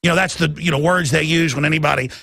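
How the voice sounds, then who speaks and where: An impassioned man in his thirties rants through a talk radio monologue. His voice is gravelly and sits a little high, with a sharp, forceful edge. The studio sound is dry and close. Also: fairly even intonation, fast, no room sound. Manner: impassioned, ranting, mimics others in quoted voices. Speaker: radio host.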